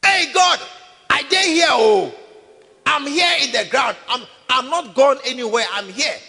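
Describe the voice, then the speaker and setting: Shrieking vengeful blood of a murdered man, a preacher putting it on, very high, loud, echoey hall. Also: animated, a little slow, a crowd in the background, exaggerated voice. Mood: pleading vengeful. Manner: shouting, pleading for vengeance.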